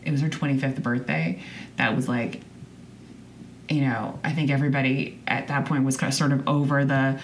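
A woman's voice: extremely low pitch, steady tone, brisk, slight background noise. A woman in her twenties hosting a podcast, talking candidly in a rambling personal monologue with restarts and the odd swear. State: choked up. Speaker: podcast host.

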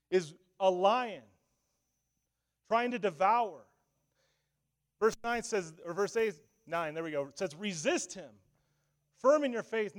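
A man with a high voice preaches a sermon as a pastor. He drops to a near hush and then climbs back up to loud, urgent calls. His delivery slows and stretches on key phrases. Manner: preaching with wide swings from hushed to loud.

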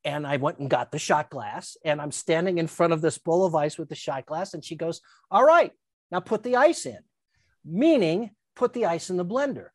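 A woman's voice: low-pitched, brisk, hardly any pauses, dry recording. Older woman guest, chatty storyteller, stumbles over words, dry close sound. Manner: lively, stammering restarts, acts out quotes. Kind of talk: casual anecdote.

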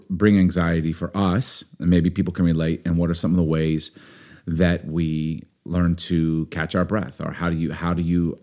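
A man with a very low voice hosts a podcast with his wife. He talks in a loose, rambling way and slips in small jokes. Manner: relaxed, rambling, joking. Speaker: podcast co-host. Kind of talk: casual podcast chat.

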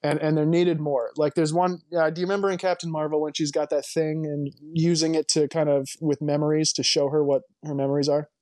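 A man's voice: fairly high pitch, level tone, fairly quick, few pauses, a little mellow, no echo, clean studio sound. A man co-hosting a casual movie podcast, rambling and emphatic, with lots of restarts and strong opinions. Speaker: podcast co-host.

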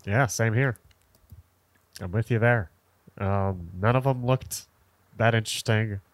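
A young man co-hosting a podcast, easygoing and quick to laugh, in casual chat. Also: lowish voice, no echo. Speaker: podcast co-host.

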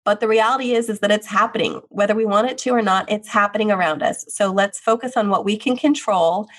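In a mid-range, fairly bright voice and at a quick pace, a widowed mother who writes children's books answers interview questions from the heart. She is earnest and candid, repeating expressions such as "the reality is."

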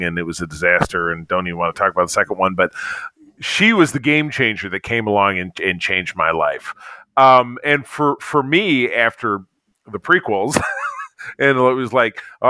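A man's voice: lowish voice, sharp tone, smooth, no room sound. A middle-aged man co-hosting a podcast, chatting casually and enthusiastically, rambling with frequent restarts. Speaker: podcast co-host.

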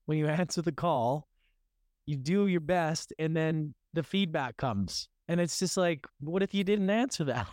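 A man's voice: on the high side, a little slow, darkish tone, no room sound, clean studio sound. A man hosting a podcast, enthusiastic and affirming, talking casually and asking probing questions. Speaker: podcast host. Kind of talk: casual interview conversation.

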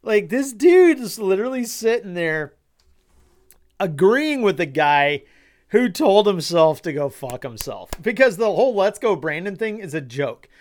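A man with a slightly higher voice runs a loose podcast monologue. He rambles through plenty of fillers and restarts, swears casually and lets sarcasm color his talk. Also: lively intonation, unhurried. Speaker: podcast host.

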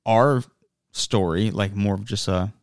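A young man co-hosts a podcast in relaxed, rambling chat. His voice sits low and sounds smooth and clean. The recording is dry and close, with no room sound. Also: a little slow, no echo. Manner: rambling, self-interrupting. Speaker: podcast co-host. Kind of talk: casual chat.

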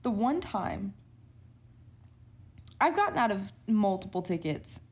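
A woman, co-hosting a podcast and telling an animated story in casual chat. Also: medium pitch, slow. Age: 20s. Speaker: podcast co-host.

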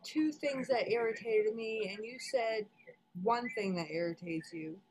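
Woman, from New Hampshire, fairly high voice, blunt, casual podcast talk. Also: sing-song, measured pace, a little mellow, breathy edge, poor audio. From New Hampshire, USA. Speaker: podcast co-host.

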